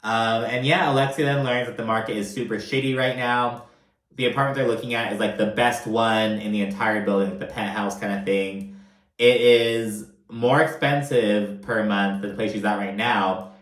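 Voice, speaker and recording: A man's voice: lowish voice, fairly even intonation, moderate pace, fairly bright tone. A man recapping a reality TV episode in casual, chatty commentary, swearing freely and filling his talk with "like" and "you know". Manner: chatty, profane, filler-heavy. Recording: roomy echo.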